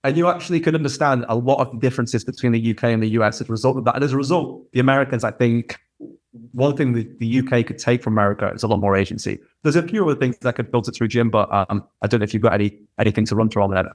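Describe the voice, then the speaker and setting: A man who is a podcast guest, explaining ideas in a thoughtful, measured way in a casual interview. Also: medium pitch.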